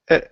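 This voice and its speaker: A man's voice: very high-pitched, fairly bright tone. A man in casual online voice chat, making dry, teasing remarks. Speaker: discussion participant. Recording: dull lo-fi voice chat audio.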